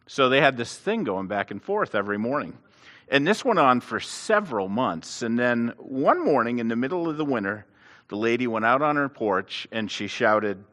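A man preaching a sermon on a lapel mic, telling stories with lively restarts. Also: mid-range voice, moderate pace. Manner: animated storytelling with restarts. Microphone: clip-on lapel mic. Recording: long hall reverb.

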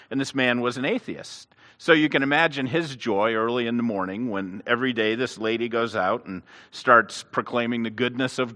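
Man, sermon, lapel mic, long hall reverb, animated pitch. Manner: animated storytelling with restarts. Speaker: preacher. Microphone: clip-on lapel mic.

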